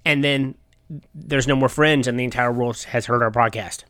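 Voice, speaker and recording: A man's voice: mid-range voice, fairly even intonation, normal speed, fairly bright tone, dry recording. A young man hosting a sports podcast, joking around in casual, rambling banter. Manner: jokey, playful, rambling. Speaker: podcast host.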